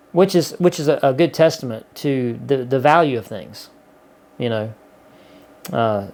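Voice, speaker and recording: A man's voice: medium pitch, darkish tone. A man chatting casually to camera in a folksy, rambling way, full of "you know" and restarts. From Gulf Coast of the US. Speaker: vlogger.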